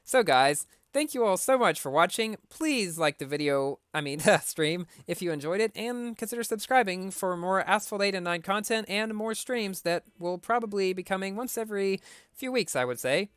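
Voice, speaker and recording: Smooth-voiced male streamer answering chat. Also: high-pitched, animated, moderate pace, fairly bright tone, dry recording. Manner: reads viewer questions aloud and answers briefly. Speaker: game streamer. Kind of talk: casual live-stream Q&A.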